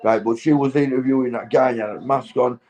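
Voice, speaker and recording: A man talks in a loose, rambling vlog monologue while stoned. He swears constantly, drifts between thoughts, and breaks into laughter. His voice sits at an ordinary, mid-range pitch. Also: fairly even intonation, fast, darkish tone, rough recording. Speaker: vlogger.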